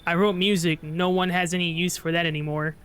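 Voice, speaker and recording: A bitter, worn-down male survivor pleads to be let in, his lines read aloud in a game by a man. The voice sits high and stays smooth and clean. Faint music plays underneath. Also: flat delivery, fairly quick, a bit bright, lightly acted.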